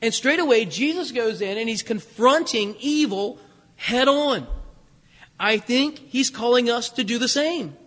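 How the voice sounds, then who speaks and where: A male pastor preaching a sermon in a church, conversational and animated, acting out little asides. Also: very high-pitched, measured pace. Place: church sanctuary. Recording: long reverb of a worship hall.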